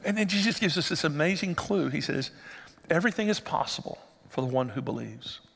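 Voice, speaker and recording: A man preaching a sermon, dramatic, acting out the quoted lines and swinging from hushed to loud. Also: a little high, expressive, fairly quick, creaky, husky, in a large hall. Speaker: pastor.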